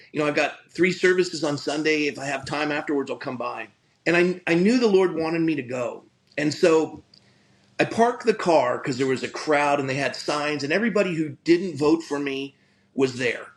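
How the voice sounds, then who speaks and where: On a poor-quality recording, a pastor in middle age speaks at normal speed with a fairly high voice. He recounts something from his own life earnestly and conversationally, frequently starting over and repeating words with a stammer.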